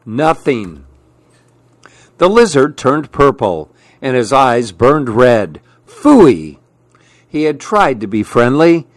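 Slow, expressive male storyteller. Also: medium pitch, no room sound. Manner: gentle, expressive reading with playful emphasis. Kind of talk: storybook read-aloud.

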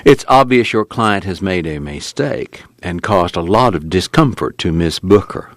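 A man reading the part of a blunt, impatient trial judge who speaks sternly and forcefully. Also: deep voice, expressive, unhurried, no echo, clean studio sound. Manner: stern and forceful, pressing hard.

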